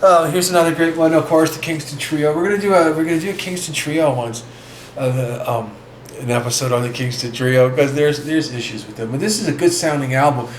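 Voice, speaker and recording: A man hosting a casual vlog, talking in a rambling, halting way with many restarts. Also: mid-range voice. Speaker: vlog host. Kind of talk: casual record-collecting vlog. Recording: echoey room with faint ambient noise.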